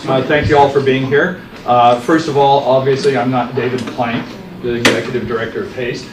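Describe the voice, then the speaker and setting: A man's voice: medium pitch, brisk. A man opening a seminar as its moderator, hesitant, with many uh fillers. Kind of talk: introducing a seminar. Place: seminar room. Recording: echoey room, distant mic, steady noise.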